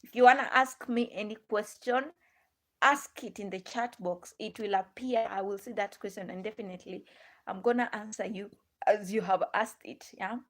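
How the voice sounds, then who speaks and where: A woman's voice: medium pitch, steady tone, normal speed. A woman with a Ghanaian English accent hosting a live stream, chatting to viewers in a rambling way, repeating herself and asking them many questions.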